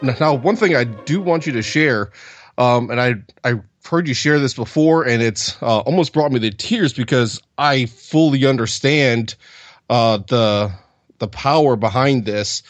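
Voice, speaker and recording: A man hosting an interview, asking warm questions in a halting way, with many fillers. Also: medium pitch, dry recording, soft background music. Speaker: interview host.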